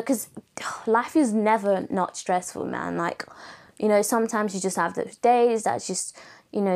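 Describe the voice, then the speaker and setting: A young woman with a raspy voice, hosting a casual solo podcast in a chatty, playful way, laughing often. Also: medium pitch, a little mellow. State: voice going raspy. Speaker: podcast host.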